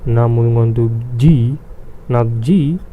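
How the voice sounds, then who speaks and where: A male teacher walks beginners through pronunciation, saying each sound two or three times. He talks very slowly with many pauses and fillers. His voice is dark and mellow. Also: mid-range voice, rough recording. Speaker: language teacher. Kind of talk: beginner language lesson.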